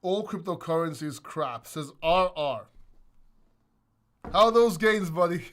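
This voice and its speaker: A man's voice: on the high side, a bit bright. Blunt, rambling crypto host, man. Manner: rambling, blunt, swears, restarts often. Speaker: crypto channel host answering questions. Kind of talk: casual livestream Q&A.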